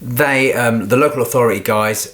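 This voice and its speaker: A man co-hosting a podcast, chatting casually, agreeing often and calmly giving advice. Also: mid-range voice, normal speed. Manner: calm, advising, lots of agreeing. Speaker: podcast co-host. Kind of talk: casual chat.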